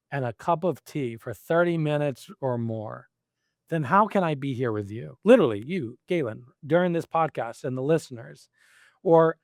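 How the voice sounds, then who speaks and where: A middle-aged man talking as a guest in a casual interview, animated and quick to laugh, acting out his own quoted lines. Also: on the high side, dry recording, studio quality. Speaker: podcast guest, executive coach.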